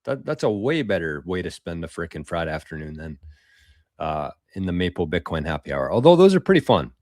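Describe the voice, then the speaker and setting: A man hosting a casual livestream, reading viewer comments aloud in a loose, swearing, chatty way with quick laughs. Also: sits low, no echo, clean studio sound. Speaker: livestream host.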